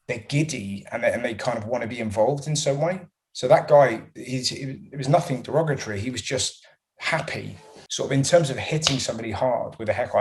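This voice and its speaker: Male comedian, mid-range voice, chatty and rambling in interview. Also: mid-range voice. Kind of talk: casual interview answers.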